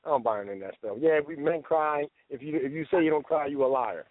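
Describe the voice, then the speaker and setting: A man's voice: a little high, fast, no echo, narrow, tinny audio. A man in casual radio talk, joining in with emphatic, laughing banter.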